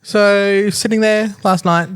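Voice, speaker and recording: A man's voice: high-pitched, fairly even intonation, slow, fairly bright tone, clear, resonant tone, dry recording. A man, co-hosting a parenting podcast with dry, teasing banter. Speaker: podcast co-host. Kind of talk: casual chat.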